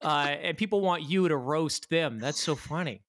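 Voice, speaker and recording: A male podcast co-host chats casually and enthusiastically, laughing often. His voice is fairly high and fairly bright, at a moderate pace.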